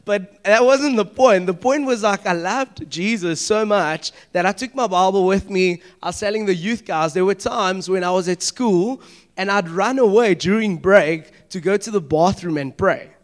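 A young man preaches with a fairly high voice, keeping it loose and conversational. He slips into quick acted-out exchanges and checks in with his listeners as he goes. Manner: conversational, animated preaching with asides and acted-out dialogue. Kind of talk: sermon.

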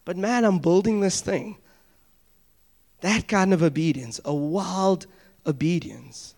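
A young man with a high-pitched voice takes it slowly as he preaches a sermon. His style is casual and animated, with asides, acted-out little dialogues, and direct questions to his listeners.

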